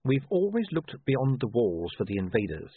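A man voicing a cool, calculating male ruler who speaks in a precise, measured, dryly sardonic way. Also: medium pitch, big pitch swings, husky, no room sound. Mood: musing. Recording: tinny phone-like line.

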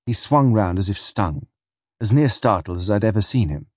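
Man narrating an audiobook, lively. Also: on the low side, moderate pace, no echo, clean studio sound. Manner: lively first-person storytelling. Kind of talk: scripted narration.

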